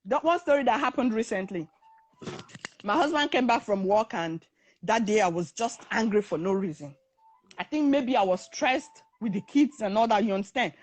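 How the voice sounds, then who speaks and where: A middle-aged woman, a podcast guest telling stories in lively casual chat. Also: mid-range voice, normal speed. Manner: lively storyteller who acts out quotes.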